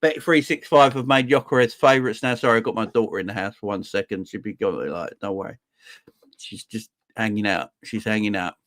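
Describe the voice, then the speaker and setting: A young man hosting a football fan livestream, casually and cheerfully shouting out viewers in the chat. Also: fairly low pitch, brisk, no echo, studio quality. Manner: upbeat, shouting out viewers by name. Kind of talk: casual live-stream chat.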